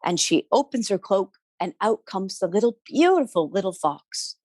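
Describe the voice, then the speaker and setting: Lady telling an old tale, playful and lively, chatty asides, pretty dry recording. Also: medium pitch, moderate pace, no room sound. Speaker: storyteller. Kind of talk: oral storytelling.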